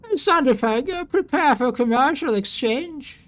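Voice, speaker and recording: A man's voice: very high-pitched, expressive, measured pace, a bit bright, voice pushed up, exaggerated voice. A man voicing a stern starship captain who gives brusque orders over the radio, reading game dialogue aloud.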